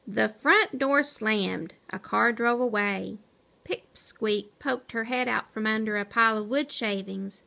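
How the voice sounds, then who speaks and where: A woman reading a children's picture book aloud as narrator, with an expressive storytelling manner. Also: fairly high pitch, measured pace, gravelly.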